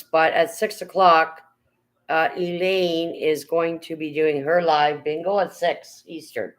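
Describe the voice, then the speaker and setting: Poor audio captures the low voice of an older woman hosting a casual livestream at home. She rambles, reading her viewers' comments out loud and swearing in a casual way.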